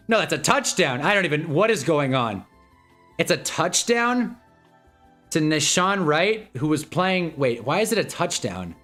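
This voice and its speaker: A man's voice: fairly high pitch, sing-song, a little slow, sharp tone, soft background music. A man hosting a casual livestream watch-along, rambling and joking and laughing often. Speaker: livestream host.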